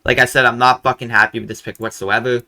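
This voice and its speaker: A man's voice: mid-range voice, little pitch movement, fast talker, sharp tone. A young man hosting a hockey fan channel, ranting angrily and profanely about a draft pick, repeating himself. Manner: frustrated, profane, repetitive. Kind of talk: angry fan rant.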